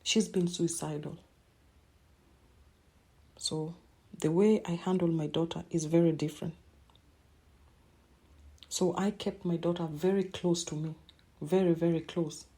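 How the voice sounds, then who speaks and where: A middle-aged woman hosting a podcast, telling a personal story in an emotional, halting way and repeating words as she speaks. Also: on the low side, steady tone, warm tone, breathy edge. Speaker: podcast host.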